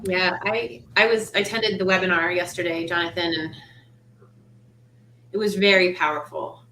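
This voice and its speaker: A woman's voice: on the low side, steady tone, normal speed, bright, forceful tone. A woman co-hosting a panel discussion, emotional and shaky, fighting back tears as she talks. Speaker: co-host. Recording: roomy echo with faint hiss.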